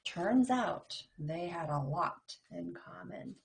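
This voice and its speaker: A woman, a kindergarten teacher, reading a picture book aloud to young children in an expressive, playful way and talking to them directly. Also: lowish voice, slow, vocal fry, hardly any pauses.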